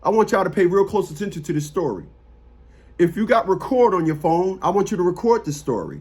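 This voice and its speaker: A man's voice: high-pitched, sing-song, brisk, a little mellow, breathy edge. A man giving blunt, mocking commentary to his viewers as a family court consultant. He repeats himself and talks casually. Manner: blunt, mocking, repetitive, street talk.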